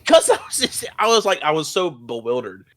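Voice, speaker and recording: A man's voice: on the high side, fairly quick. A young man co-hosting a podcast, telling a story in casual chat with lots of swearing and laughter. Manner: animated, swears often, laughs mid-story. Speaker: podcast co-host.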